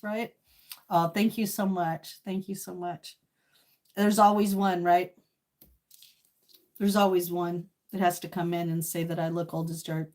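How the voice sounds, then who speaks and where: Woman, 60s, live streamer; tearful, emotional, halting delivery full of fillers. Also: medium pitch, steady tone, a little mellow. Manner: emotional, tearful and laughing by turns, many fillers. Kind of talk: casual live stream chat.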